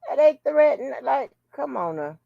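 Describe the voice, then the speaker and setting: A woman's voice: sits high, big pitch swings, normal speed, gravelly, no room sound, muffled recording. Blunt, profane woman chatting on a live stream. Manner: greets viewers by name, blunt and profane. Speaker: channel host. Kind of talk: casual live-stream chat.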